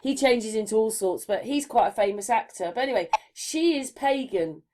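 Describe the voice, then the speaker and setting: A woman with a mellow, darker tone and a slightly higher pitch chats in a rambling way. Her talk is loose and conversational. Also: animated, moderate pace. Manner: chatty, rambling, laughs easily. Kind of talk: casual conversation.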